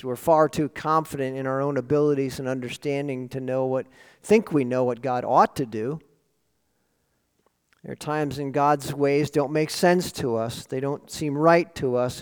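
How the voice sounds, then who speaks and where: A pastor preaching a sermon to his congregation, building emphasis with sudden loud swells on key words. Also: medium pitch, smooth. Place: church sanctuary. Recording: long hall reverb.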